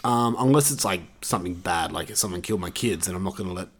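A man's voice: low voice, fast, fairly bright tone, slightly rough. A young Australian man chatting casually on a podcast, rambling with lots of fillers, swearing and laughing often. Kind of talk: casual chat.

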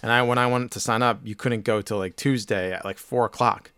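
A man's voice: mid-range voice, steady tone, fairly quick, a bit bright, clean tone, no echo. A man co-hosting a podcast, telling a rambling story in casual chat with lots of fillers and restarts. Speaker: podcast co-host.

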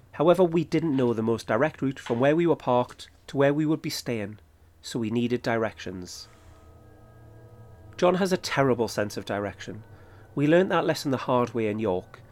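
Male podcast host reading a first-person account, even and matter-of-fact, mid voice. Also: medium pitch. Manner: steady, matter-of-fact storytelling. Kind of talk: scripted first-person narration.

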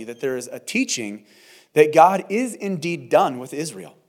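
Male pastor, slightly higher voice, conversational and earnest sermon delivery at a church service. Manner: conversational, earnest, with frequent fillers and restarts. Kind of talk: verse-by-verse sermon.

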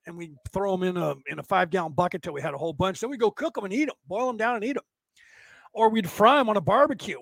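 A livestream host from California reads chat aloud, talking to viewers in a casual, folksy, rambling way and often ending sentences with "right?". His voice is high and creaky, with no room sound.

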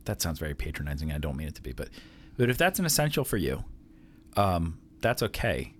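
A man's voice: deep voice, big pitch swings, a little fast, slight background noise. A man co-hosting a podcast in casual chat, thoughtful and careful, qualifying what he says. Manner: thoughtful, hedging, qualifies his points. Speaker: podcast co-host.

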